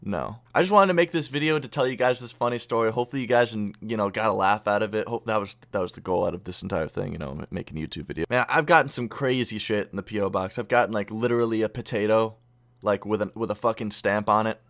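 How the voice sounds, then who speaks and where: A young man telling a story casually over gameplay footage, swearing freely and animated as he retells it. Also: lowish voice, fast talker. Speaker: YouTuber.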